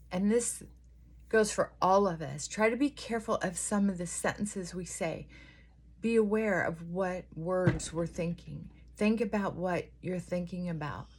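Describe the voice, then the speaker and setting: A woman's voice: on the low side, slightly rough. A middle-aged woman chatting earnestly and giving advice while doing her makeup.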